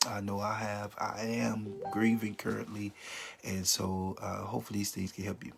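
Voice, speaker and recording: A man hosting a casual talk on grief, speaking with many pauses, fillers and repeated phrases. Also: on the low side, monotone, gravelly. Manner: repetitive, pausing, many fillers. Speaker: host giving grief advice. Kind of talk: casual spoken advice video. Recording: live stream with connection issues.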